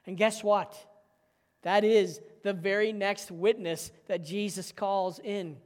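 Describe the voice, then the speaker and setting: A pastor delivering a sermon, emphatic and forceful, dropping to a quiet, intense hush for key points. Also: male voice, high voice, fairly even intonation, takes it slowly, long reverb tail.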